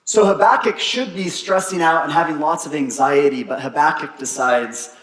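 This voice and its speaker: A man's voice: on the high side, normal speed, fairly bright tone, husky. A young adult man preaching a sermon, telling stories and slipping in playful self-mocking asides. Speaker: pastor.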